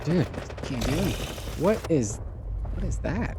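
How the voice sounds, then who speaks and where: Man streamer ranting with lively pitch. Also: measured pace, slight background noise. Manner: profane, exasperated ranting at teammates; incredulous outbursts. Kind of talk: live gameplay commentary.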